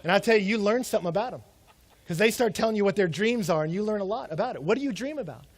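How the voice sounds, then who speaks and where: A young adult man with a fairly high voice preaches a sermon. He keeps it conversational, firing off rhetorical questions and slipping into quick acted-out quotes of the people in his stories. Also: animated. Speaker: pastor.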